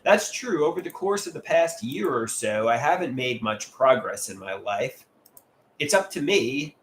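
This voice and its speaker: A man's voice: mid-range voice, animated, unhurried, a bit bright, slight background noise. A man doing a casual livestream, sharing artwork and reading viewer comments aloud in a candid, plain way.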